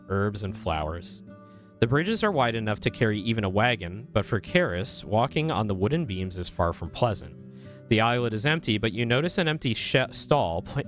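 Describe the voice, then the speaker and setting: Brief: young male streamer, animated playful reading voice, soft guitar under. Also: lowish voice. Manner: playful, chatty, lively reading voice. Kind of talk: reading a text game aloud with chat. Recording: faint guitar music behind.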